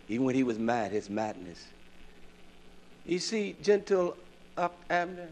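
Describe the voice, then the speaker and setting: A man preaching a sermon in a conversational way, swinging from hushed asides to loud bursts and asking his listeners questions he answers himself. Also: mid-range voice, slight background noise. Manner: asks the congregation questions and answers them himself.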